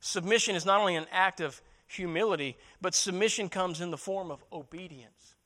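High-voiced man preaching a sermon. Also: a little fast, bright, forceful tone. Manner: preaching with rising emphasis and rhetorical questions. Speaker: pastor.

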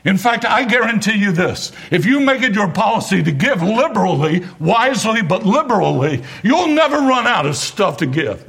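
A man's voice: sits high, big pitch swings, normal speed, gravelly, hardly any pauses, fairly bright tone, slightly rough. A man preaching a sermon as pastor, driving points home with emphatic repetition and wry asides.

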